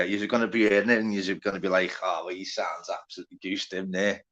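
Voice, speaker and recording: A man with a Liverpool accent runs a loose, chatty live stream, cursing freely and calling out viewers by name. His voice sits on the low side. The recording sounds dull and lo-fi. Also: a bit bright. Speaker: livestream host. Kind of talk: casual live stream chat.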